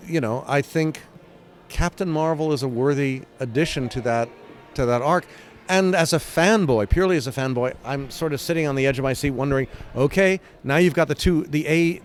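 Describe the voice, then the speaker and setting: A man's voice: on the high side, normal speed. Older man telling stories animatedly. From England. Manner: animated, acts out scenes with sound effects and quoted voices. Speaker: guest, comic book writer. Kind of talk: casual interview storytelling.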